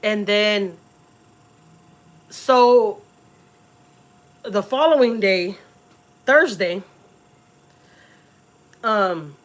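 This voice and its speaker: A woman's voice: mid-range voice, extremely slow, long pauses. A middle-aged woman from Texas, telling a story in a casual, emotional way to her vlog viewers and repeating words as she goes. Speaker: family vlogger.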